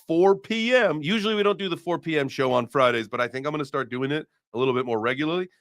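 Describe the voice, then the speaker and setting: Male stream host, bright and punchy, dry close mic, loose joking delivery. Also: on the high side, fast, dry recording. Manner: joking and rambling, swears casually. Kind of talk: casual live-stream chat.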